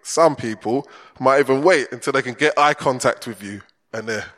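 A man's voice: medium pitch, normal speed, a bit bright. A man preaching a chatty, conversational sermon in a church and putting questions to the congregation. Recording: long church hall reverb.

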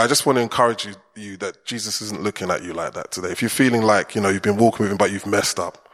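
A man's voice: on the low side, fairly bright tone. A man preaching a chatty, conversational sermon in a church and putting questions to the congregation. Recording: long church hall reverb.

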